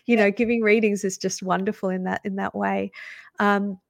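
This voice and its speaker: A woman psychic medium chatting in an animated, upbeat way on a podcast. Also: medium pitch, normal speed, gravelly, no room sound, studio quality. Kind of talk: casual podcast conversation.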